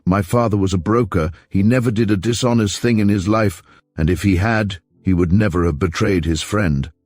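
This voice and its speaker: A man's voice: fairly low pitch, normal speed, darkish tone, no room sound, studio quality, close to an everyday voice. A man voicing a frightened young bride who turns indignant, in an audiobook reading. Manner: trembling, indignant. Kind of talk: audiobook character voice.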